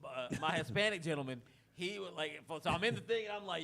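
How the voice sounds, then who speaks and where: A man's voice: sits high, animated, brisk, hardly any pauses, fairly bright tone. A man co-hosting a podcast, telling stories in a laid-back, chuckling way. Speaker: podcast co-host. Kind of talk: casual storytelling chat.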